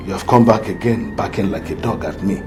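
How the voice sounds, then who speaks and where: A man's voice: deep voice, brisk, music in the background, lightly acted. A man as a scornful wealthy Nigerian man. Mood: mocking. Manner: mocking, dismissive.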